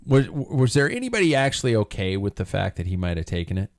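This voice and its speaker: A man's voice: lowish voice, sing-song, fast. A man hosting a live studio podcast in casual chat, telling jokes and putting questions to the panel. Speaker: podcast host.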